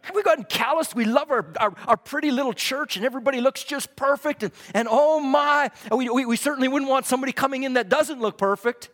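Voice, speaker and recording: A man preaching a fervent sermon in a church, repeating his lines and swinging from loud to hushed. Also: extremely high pitch, fast, few pauses. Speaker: pastor. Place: church hall. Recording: long hall reverb.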